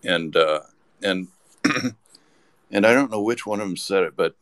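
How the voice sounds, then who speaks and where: A man's voice: lowish voice, measured pace, a bit bright, no room sound. A man telling a rambling anecdote as a podcast guest, with lots of restarts. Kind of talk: casual storytelling.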